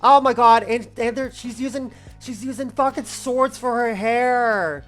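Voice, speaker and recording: Animated woman streamer, faint music. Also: fairly high pitch, measured pace. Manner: animated, swears, talks to chat. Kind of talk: casual gaming livestream.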